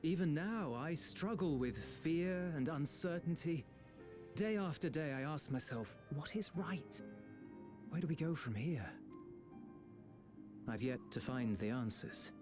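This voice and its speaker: A man's voice: on the high side, expressive, unhurried, pauses often, music in the background. An actor playing an earnest, resolute young man in heartfelt video game dialogue. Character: earnest young male patriot, resolute and pleading.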